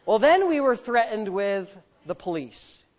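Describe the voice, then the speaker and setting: A man's voice: high voice, unhurried. A middle-aged man, a pastor, telling a story in a sermon and acting out the voices. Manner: animated, acts out voices.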